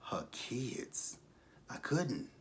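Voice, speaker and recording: A man around thirty reviewing a reality show in casual commentary, animated and profane with rambling asides. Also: medium pitch, very slow.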